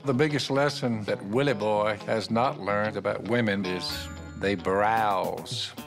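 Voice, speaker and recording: A man's voice: lowish voice, a little slow, vocal fry. A man, folksy and drawling as he hands out homespun wisdom. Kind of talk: reality show banter and confessional. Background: music, guitar.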